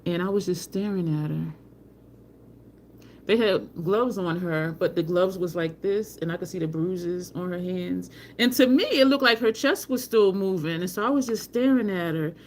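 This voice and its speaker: A woman's voice: on the low side, normal speed. Woman chatting live with faint traffic behind. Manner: rambling storyteller, addresses chat as y'all, frequent laughs. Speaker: livestream host. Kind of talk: casual live chat, answering viewer comments. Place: home, by an open balcony window. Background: faint street traffic.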